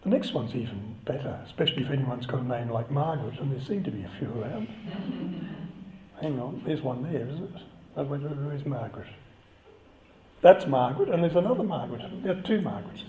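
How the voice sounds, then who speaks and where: A man's voice: medium pitch, animated, brisk, dark tone. A man giving a chatty, conversational sermon and joking with the congregation. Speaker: preacher. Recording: echoey, slightly dull church recording.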